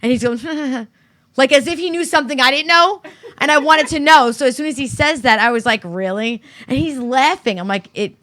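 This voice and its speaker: A middle-aged woman telling stories in casual chat, profane and animated, acting out what people said. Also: high-pitched, a little fast, dry recording. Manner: profane, animated storytelling with acted-out quotes. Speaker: podcast co-host.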